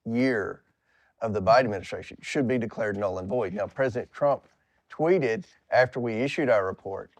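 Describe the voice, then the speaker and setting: A man giving a measured, matter-of-fact account in a TV interview. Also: lowish voice, dry recording.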